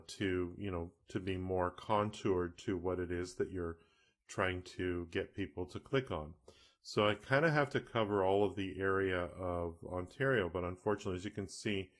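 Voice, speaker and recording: A man with a very low voice walks through a software tutorial at an easy, conversational pace. He explains each setting plainly and corrects himself along the way. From Canada. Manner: casual, self-correcting, explanatory. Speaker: e-learning tutorial instructor. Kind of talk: screen-recorded software tutorial.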